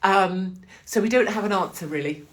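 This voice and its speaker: An English woman hosts a casual live stream, chatting straight to her viewers. She swears freely and laughs often, and her talk stays loose and animated as she moves around in front of the camera at home. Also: medium pitch, normal speed. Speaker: livestream host.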